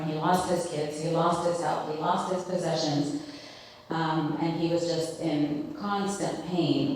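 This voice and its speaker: Leading a Bible study group, a woman chats casually, asks the group questions and fills her speech with fillers. Her voice sits low and is a little mellow. It's picked up from a distance in a very echoey room with a little hiss or hum.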